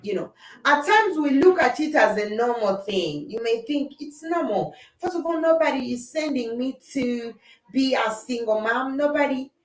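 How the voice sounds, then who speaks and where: Animated laughing woman, echoey room. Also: high-pitched, moderate pace. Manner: animated, laughs often, acts out quarrels. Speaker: livestream host. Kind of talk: casual chat with live comments.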